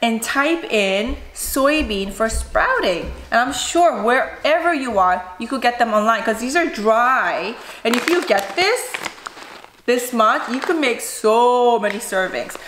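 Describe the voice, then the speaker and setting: Woman food vlogger, chatty and hands-on, talks straight to viewers; slightly high voice, echoey room. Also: expressive, a little slow. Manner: chatty, demonstrative, addressing viewers directly. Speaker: cooking vlogger. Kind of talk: casual chat to camera. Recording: echoey room, faint noise.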